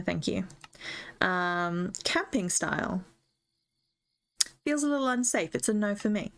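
A young woman chats her way through a gaming session, gushing and chatty. She talks to herself and to the creatures she meets, squealing over cute things and musing over her choices. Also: medium pitch. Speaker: gaming streamer. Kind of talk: casual gameplay chat.

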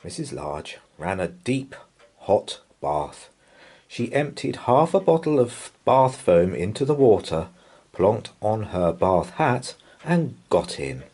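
A man reading a children's picture book aloud as a bedtime story, in an expressive, soothing manner. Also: lowish voice, slow pace, breathy edge.

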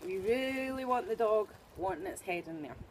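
A woman's voice: mid-range voice, lively intonation, normal speed, slight background noise. Upbeat Scottish woman explaining dog training. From Scotland. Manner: chatty, upbeat, joking asides. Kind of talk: informal training demonstration.

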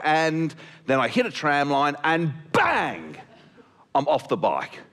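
Man, stand-up comedy, animated and shouty, high voice, lively pitch. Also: slow.

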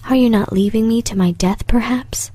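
A woman voicing a weary, reproachful young prince in a breathy whisper, as whispered role-play. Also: fairly high pitch, moderate pace, mellow, dry recording.

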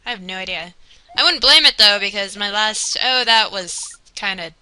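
A young woman giving casual, excitable commentary while playing a video game, talking to herself and the game. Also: mid-range voice, normal speed, clear, resonant tone, dry recording, poor audio. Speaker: let's player. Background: game music.

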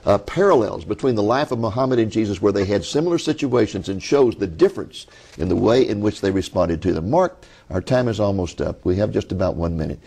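A man's voice: on the low side, lively intonation, a little fast, gravelly, warm tone, slightly rough. A man hosting a religious TV interview, speaking in a folksy way to the audience and retelling his guest's story. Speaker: host.

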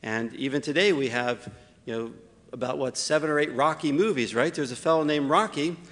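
A man, a priest, preaching a homily with wry asides, slowing down to stress key points. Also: on the high side, a bit bright, big-room sound. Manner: slows down for emphasis, wry asides.

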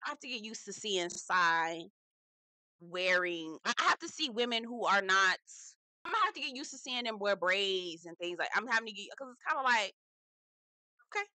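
A woman's voice: medium pitch, animated, normal speed, bright, forceful tone, no echo. A woman giving a casual, slangy reality TV recap, swearing freely, laughing at her own points and calling the listener "girl".

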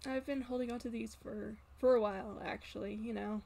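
A woman voicing a weary, gentle grown man who talks quietly and haltingly, in a tabletop game. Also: very high voice, fairly even intonation, gravelly, heavily acted. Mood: hesitant. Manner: soft-spoken, halting.

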